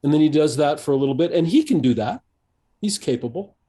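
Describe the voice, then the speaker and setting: Older American male coach, mellow and dark-toned, thoughtful interview talk, halting with fillers and restarts. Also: on the high side, lively intonation, slightly rough. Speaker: coach, podcast guest. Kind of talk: conversational interview.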